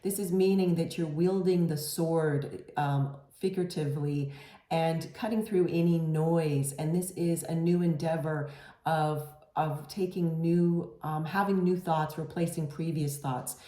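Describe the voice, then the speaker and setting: A woman's voice: low voice, steady tone, unhurried, dark tone. A woman giving a casual, reassuring tarot reading to camera, with many fillers and restarts. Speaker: tarot reader. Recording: echoey room.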